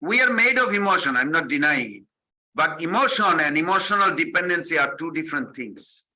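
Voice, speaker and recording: A man teaches a spiritual lesson through animated stories, repeating phrases and slipping into quoted voices. His voice is strikingly bright and sits a touch high for a man. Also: brisk, rough recording. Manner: animated storytelling, acting out quotes, repetitive phrasing. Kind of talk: devotional sermon with stories.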